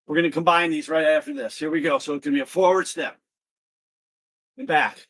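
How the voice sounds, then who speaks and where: A man leading an online exercise class, energetic, calling out counts and shouting encouragement to students by name. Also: fairly high pitch, brisk, creaky, slightly rough.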